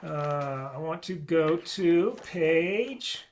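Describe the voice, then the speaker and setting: A man's voice: on the high side, extremely slow, a little hiss or hum. A man teaching an online flute lesson, explaining articulation and singing rhythms on syllables.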